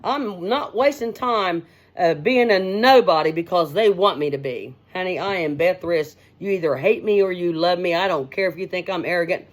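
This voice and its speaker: A woman's voice: fairly low pitch, moderate pace. A middle-aged woman, hosting a casual, unscripted monologue in a blunt, outspoken, rambling way, calling listeners honey and man, talking into her own device's mic without a headset. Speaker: host.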